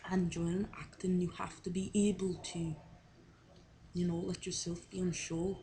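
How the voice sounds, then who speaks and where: A woman's voice: on the low side, little pitch movement, moderate pace, warm tone, a little hiss or hum, low-quality recording. A young woman talking to camera in a casual video diary, rambling and unsure of herself, with many fillers. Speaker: drama student on placement.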